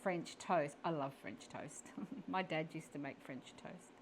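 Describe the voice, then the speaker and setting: A woman's voice: low voice, slow pace. A woman reading her own story aloud, adding chuckling personal asides between passages.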